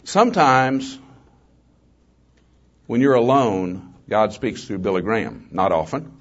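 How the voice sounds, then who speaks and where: A man's voice: on the low side, lively intonation, slow. An older man and former mayor giving a testimony talk to an audience, telling stories in a folksy, conversational way with joking asides. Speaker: guest speaker, former mayor. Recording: slightly dull lo-fi recording.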